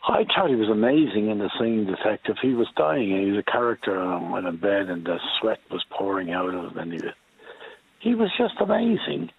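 A man's voice: on the low side, sing-song, brisk, vocal fry, slight background noise. A man calling in on the line to share rambling recollections. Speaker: caller on the line. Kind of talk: phone-in reminiscence. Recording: tinny phone line.

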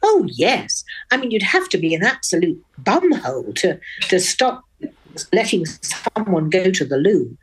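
An older Englishwoman with a posh Oxford accent, a guest in a radio interview, speaking frankly and wittily with crisp diction. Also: fairly low pitch, sing-song, measured pace. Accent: upper-class English (Oxford). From England.

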